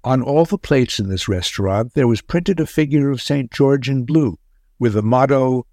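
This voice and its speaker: A man narrating a wartime tale in a measured, grave storytelling manner. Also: mid-range voice, warm tone, no echo, clean studio sound.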